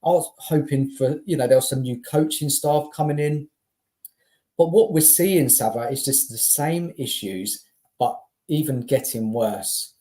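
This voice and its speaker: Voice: mid-range voice, unhurried, dark tone. A speaker, a guest on a football stream, talking in an exasperated, emphatic way with stammered restarts. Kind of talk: casual football chat.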